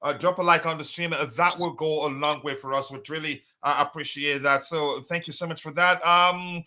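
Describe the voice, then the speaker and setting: A man hosting a casual live stream speaks at normal speed in a slightly high voice that sounds pushed and bright, with fairly even intonation. He talks loosely and hesitantly, using many fillers and reading viewers' messages aloud.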